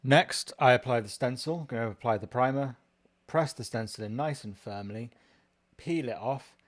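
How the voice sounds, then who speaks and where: A man's voice: mid-range voice, normal speed. A man, a tattoo artist, talking casually through his work, swearing often and joking in a dry, offhand way. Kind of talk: casual vlog narration.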